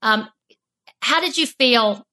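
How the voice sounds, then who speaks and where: A woman's voice: fairly high pitch, slow, bright, forceful tone, poor audio. A woman co-host of a casual interview, politely asking long, careful questions.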